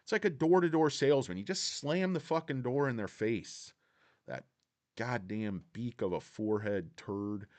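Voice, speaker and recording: A man's voice: mid-range voice, normal speed, a little mellow. A man hosting a casual stock market livestream, brash and profane, talking to viewers and reading their chat.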